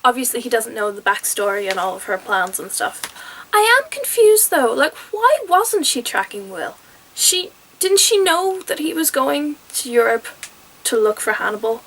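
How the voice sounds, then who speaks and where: Young woman, kinda high voice, chatty animated tv review vlog, lots of exclaiming. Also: low-quality recording. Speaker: vlogger reviewing a TV episode. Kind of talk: casual spoken review.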